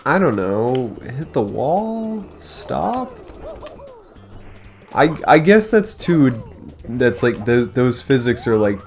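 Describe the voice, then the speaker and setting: A man hosting a casual let's play, talking to the game as he goes, excitable and swearing often. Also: mid-range voice. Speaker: gaming channel host.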